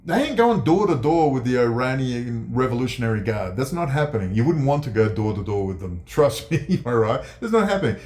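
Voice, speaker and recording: A man giving ranting commentary, sarcastic and profane, dropping to low mutters and jumping to high mocking outbursts. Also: big pitch swings, brisk, few pauses, a little mellow. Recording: echoey room.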